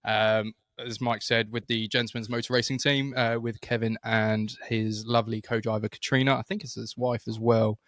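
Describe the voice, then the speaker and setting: A British man co-hosting a relaxed podcast, telling a story with plenty of "um"s and restarts. His voice sits on the low side. The sound is close and dry, with no room around it. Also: normal speed, hardly any pauses, dry recording. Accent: British English. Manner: chatty storyteller, many fillers and restarts. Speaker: podcast co-host. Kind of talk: casual podcast chat. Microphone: studio microphone.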